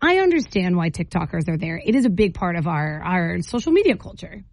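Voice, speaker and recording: A woman's voice: on the low side, big pitch swings, a little fast, a little mellow, no echo, low-quality recording. A woman hosting a morning radio show, telling a story with strong opinions. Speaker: radio host.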